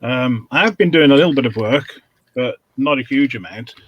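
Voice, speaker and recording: A man talks over a video call in a halting way, dropping ums and dry jokes. His voice sits at a middling pitch. The sound is close and dry, with no room around it. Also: expressive, no echo, highs cut off. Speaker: regular panelist. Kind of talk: casual chat on a video call.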